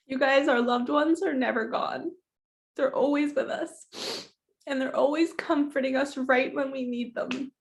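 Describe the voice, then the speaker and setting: A woman's voice: sits high, fairly even intonation, measured pace, vocal fry. A woman hosting a casual spiritual card-reading vlog, emotional and tearful, talking straight to her viewers in a chatty, heartfelt way. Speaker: spiritual coach and host.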